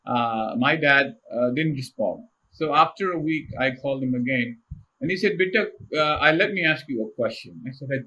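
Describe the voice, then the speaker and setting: A middle-aged man from India, a podcast guest telling casual stories in an animated way and laughing often. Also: medium pitch, normal speed, highs cut off. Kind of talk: casual storytelling interview.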